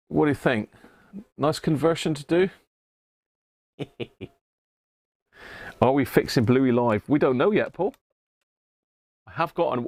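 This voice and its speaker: In a dry recording, a man speaks in a gravelly, mid-range voice that's a little mellow. He's a southern English host restoring vintage radios, giving relaxed live-chat commentary from his home workshop, chuckling frequently and greeting viewers by name as he looks over old radios at the workbench.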